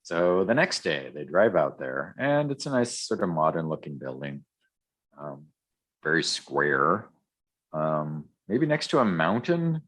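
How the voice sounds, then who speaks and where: Very deep-voiced man on a podcast. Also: very animated, a little slow, a bit bright. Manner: rambling, many ums and restarts. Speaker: podcast co-host. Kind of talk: casual chat recapping a comic. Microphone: podcast microphone.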